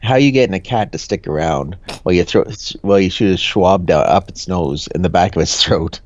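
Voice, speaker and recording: A man's voice: low-pitched, a little fast, dry recording. A man telling a rambling, jokey story in casual podcast chat, full of fillers and restarts. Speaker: podcast co-host. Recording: dull, dry lo-fi sound.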